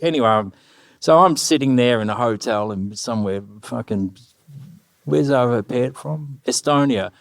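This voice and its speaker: A middle-aged man telling anecdotes on stage, animated, swearing freely and acting out the lines of other people. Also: mid-range voice, measured pace, creaky, no room sound, clean studio sound. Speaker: guest musician. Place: live stage before an audience.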